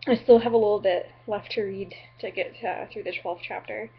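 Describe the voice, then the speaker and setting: A woman's voice: mid-range voice, fairly even intonation, a little fast, slightly rough, dull audio. A young woman from the Upper Midwest chatting in a goofy, apologetic, rambling way on her vlog, full of ums and likes. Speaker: vlogger.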